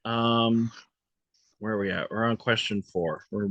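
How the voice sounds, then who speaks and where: A man's voice: fairly low pitch, unhurried, a bit bright, no echo, muffled recording. A young man interviewing his former coach for a class, friendly and informal, reading questions off a list. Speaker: student interviewer. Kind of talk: casual interview.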